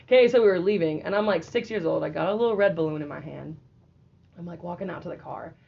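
A young woman co-hosting a podcast, telling a story in casual chat, animated and profane, laughing and acting out quotes. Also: on the low side, fast talker, creaky, slightly rough. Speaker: podcast co-host. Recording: dull lo-fi audio.

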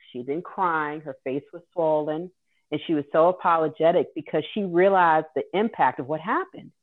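A woman telling an earnest, vivid personal story as a guest host. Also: low voice. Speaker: guest host sharing her caregiving story. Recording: tinny phone-like audio.

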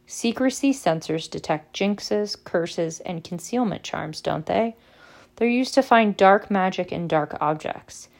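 Woman doing a know-it-all schoolgirl witch, brisk and scornful, a little fry in it. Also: on the low side, animated, a little mellow.

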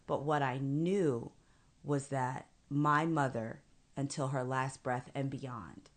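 Low-voiced woman telling a heartfelt story. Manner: earnest, measured, slows for emphasis. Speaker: guest. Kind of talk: personal storytelling in conversation.

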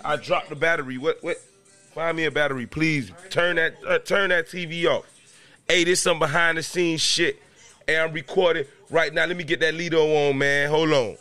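A man's voice: fairly high pitch, steady tone, normal speed, pushed and bright, soft background music. Fired-up man hosting a home podcast. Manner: agitated, repetitive, raises voice. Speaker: podcast host. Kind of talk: casual podcast rant. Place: room at home with a TV.

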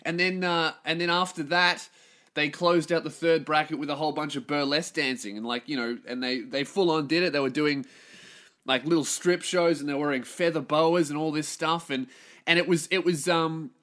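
Australian male comic, podcast host, fairly high and punchy tone, profane rambling storyteller. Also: steady tone, normal speed, fairly bright tone. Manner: profane, rambling, laughs at his own jokes. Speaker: stand-up comedian and podcast host. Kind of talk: casual comedic storytelling monologue.

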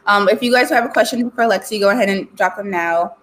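A woman's voice: medium pitch, quick pace, fairly bright tone, slight background noise, rough recording. A woman hosting a casual live-stream interview, playful and joking as she asks questions. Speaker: host.

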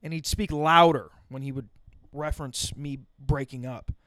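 A man's voice: mid-range voice, fairly even intonation, moderate pace, a bit bright, no echo. A young man telling a comic story in a rambling, wry way, often interrupting himself. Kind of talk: comedic storytelling monologue.

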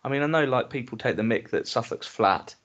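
A man's voice: mid-range voice, brisk, fairly bright tone, lo-fi sound. An English man co-hosting a podcast in casual chat, blunt and grumbling, swearing freely as he talks. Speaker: podcast co-host.

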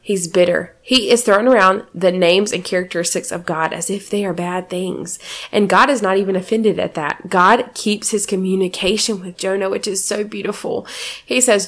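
Woman, sermon, lively preaching, laughs often, acts out quotes. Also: mid-range voice, normal speed. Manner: animated, laughing, acting out quotes.

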